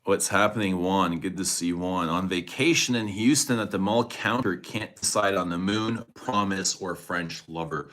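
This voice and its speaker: A man's voice: sits low, moderate pace, hardly any pauses, a bit bright. A man hosting a casual livestream, rambling about his day and reading viewer comments, chuckling often and swearing freely. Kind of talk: casual live chat.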